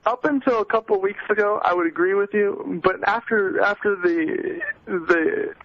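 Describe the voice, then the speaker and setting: A sarcastic young male caller with a high voice arguing with the host. He comes through a dull, lo-fi phone line that sounds dry and close. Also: normal speed, no room sound. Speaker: caller, graduate student. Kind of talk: call-in radio argument.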